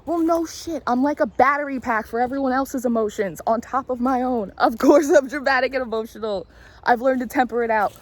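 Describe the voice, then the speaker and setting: Walking as she films, a late-20s tarot reader and spiritual vlogger rambles through candid stories in a voice that sits high and moves briskly. She confides freely and swears now and then.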